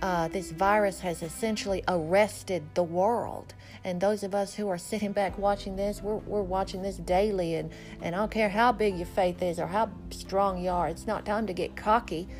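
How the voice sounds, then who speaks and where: A woman's voice: on the low side, darkish tone. Fervent woman preacher over faint music. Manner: fervent, rising to emphatic declarations; reads scripture slowly and solemnly. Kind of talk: sermon.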